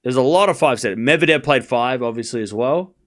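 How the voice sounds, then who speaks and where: A man's voice: medium pitch, fast talker, a bit bright. A man in a mid-range voice hosts a live tennis watchalong. He chats loosely with his viewers, cracks self-deprecating jokes and calls out each point and score as it happens. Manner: chatty, jokey, calls scores while reading chat. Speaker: watchalong host.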